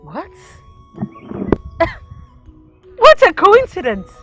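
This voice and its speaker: A woman's voice: extremely high pitch, drawn-out words, faint music behind, exaggerated voice. A woman with a Nigerian accent playing a pregnant young woman planning to flee. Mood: excited. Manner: excited, animated. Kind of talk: film acting.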